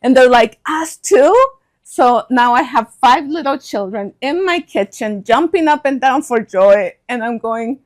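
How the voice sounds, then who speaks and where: A middle-aged woman recounts a personal story in a relaxed conversation. Her voice sits fairly high. She is animated and slips into the voices of the people she quotes. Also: measured pace, hardly any pauses. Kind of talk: storytelling in a casual chat.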